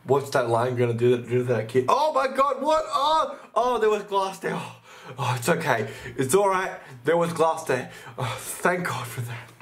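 A man's voice: a little high, big pitch swings, moderate pace, a bit bright. Guy hosting his channel, casual reaction chat, gushes and exclaims a lot, swears now and then. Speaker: channel host.

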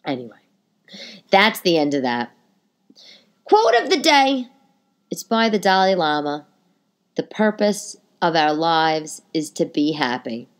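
A woman hosting a podcast, telling stories in a casual, animated monologue that leaps up in pitch for exclamations. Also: measured pace. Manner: animated, jumps high in pitch for quoted exclamations. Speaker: podcast host.

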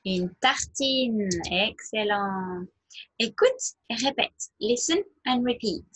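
A woman teacher giving a slow nursery language lesson, modelling words in a sing-song way for small children to repeat. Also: on the high side, lively intonation, a bit bright, husky. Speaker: French teacher.

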